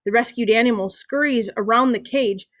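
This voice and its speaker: A woman reads a children's novel aloud in a steady, expressive way. Her voice sits fairly high. The recording is dry and close, with no room echo. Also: moderate pace. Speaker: reader.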